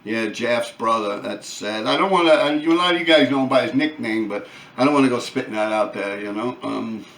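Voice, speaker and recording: A man, telling profane, animated street stories on his own channel. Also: medium pitch, brisk, recorded from a distance. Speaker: channel host. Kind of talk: casual storytelling. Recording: echoey room, off-mic.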